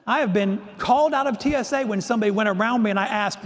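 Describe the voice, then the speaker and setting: A man giving a keynote talk, telling a humorous story with animated comic timing. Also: high-pitched, fast, hardly any pauses, a little hiss or hum. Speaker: keynote speaker. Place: conference hall stage. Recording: echoey hall.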